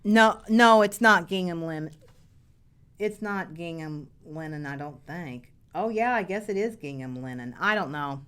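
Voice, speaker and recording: A woman hosting a casual live chat, excited and gushing. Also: on the low side, unhurried, clear, resonant tone. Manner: gushing, excited, laughs easily. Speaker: host.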